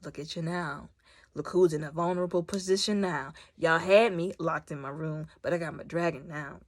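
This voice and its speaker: A proud rider taunts the people below from her dragon's back, as a woman puts her on. The voice stays quiet, low and smug. The sound is close and dry. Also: normal speed, no echo.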